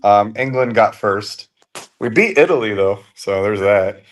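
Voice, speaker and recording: A man from the United States, a fight promoter, chatting casually and telling stories with lively swearing. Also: on the low side, measured pace. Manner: animated, swears freely, tells stories. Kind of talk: casual chat.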